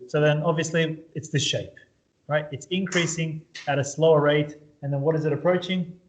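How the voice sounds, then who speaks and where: A man's voice: on the high side, fairly even intonation, normal speed. A man teaching a maths class in a casual way, often checking in with his students. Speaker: maths tutor. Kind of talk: classroom lesson. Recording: echoey room, dull lo-fi sound.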